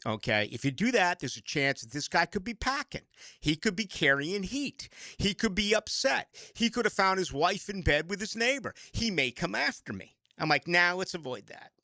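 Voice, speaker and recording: A man hosts a sports radio show and rants in a loose, conversational way. His voice is bright and swings widely in pitch. The studio sound is dry and close. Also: normal speed, dry recording. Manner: animated, ranting. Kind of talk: casual radio talk. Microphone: studio microphone.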